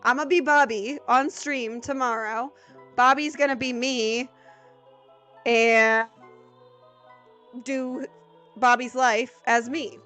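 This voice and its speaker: Excitable high-voiced woman streaming a game. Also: slow, long pauses, faint music behind. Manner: excitable, jumps into high-pitched exclamations, then goes flat and deadpan. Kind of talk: casual live gameplay commentary.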